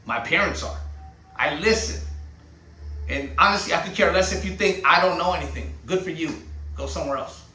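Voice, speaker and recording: A man's voice: fairly high pitch, fast talker, sharp tone, reverberant, recorded from a distance, low-quality recording. A man, a channel host and veteran, delivering a heated, profane monologue full of rhetorical questions. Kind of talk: ranting monologue.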